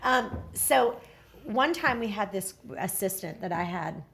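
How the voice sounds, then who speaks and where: Animated woman telling stories. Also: mid-range voice, measured pace, vocal fry. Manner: animated storyteller, acts out quotes. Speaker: podcast host. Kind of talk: casual leadership podcast chat.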